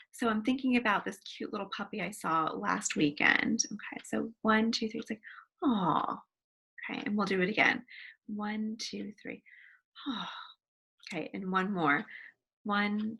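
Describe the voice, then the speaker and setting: A woman counselor leading a guided wellness exercise from her home office, gently counting aloud and demonstrating sighs. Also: medium pitch, slightly rough.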